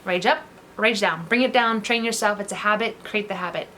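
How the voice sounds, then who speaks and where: Brief: mid-pitched middle-aged woman, earnest coach-like vlogger, faint hiss on the track. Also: a little fast, sharp tone. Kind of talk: encouraging direct-to-camera talk.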